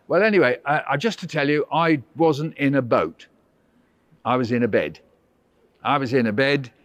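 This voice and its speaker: A man's voice: medium pitch, a bit bright, dry recording. A man, a visiting author, running a playful storytelling workshop for children and coaxing them with questions.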